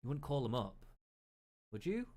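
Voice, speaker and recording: A man's voice: medium pitch, sing-song, moderate pace, darkish tone. A man giving casual reaction commentary, thinking aloud, repeating himself and swearing freely.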